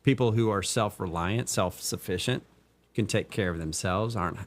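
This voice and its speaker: A man's voice: on the low side, normal speed. A man co-hosting a podcast, talking earnestly in casual chat and often checking in with "right?". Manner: earnest, explains with repeated "right?". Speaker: podcast co-host.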